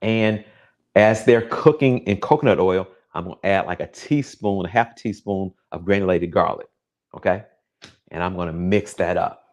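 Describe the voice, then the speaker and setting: A man hosts a casual live cooking stream from home, joking with viewers by name while his pan sizzles. His deep, slightly mellow voice keeps a moderate pace, and the recording sounds rough.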